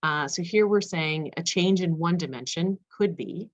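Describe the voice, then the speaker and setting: Woman, low voice, academic talk, rapid delivery, frequent fillers. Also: lively intonation. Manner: fast-paced, self-aware of speed, frequent fillers. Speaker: conference panelist. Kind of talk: academic presentation.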